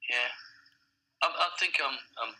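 A man in a casual interview, a blunt and animated storyteller who swears freely. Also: medium pitch, unhurried, slightly rough, poor audio. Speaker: advertising director, guest.

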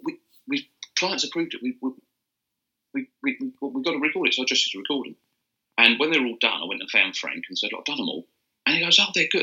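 The recording is lo-fi: an older copywriter, interviewed casually, rambles through anecdotes with restarts and chuckles. His voice is lowish and sharp-toned.

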